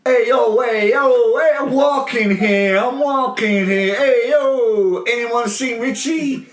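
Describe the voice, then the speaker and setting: A man putting on an exaggerated Brooklyn tough-guy voice, high and shouty with clipped catchphrases. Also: slow pace, echoey room. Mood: mocking. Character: over-the-top Brooklyn tough guy impression, middle-aged man.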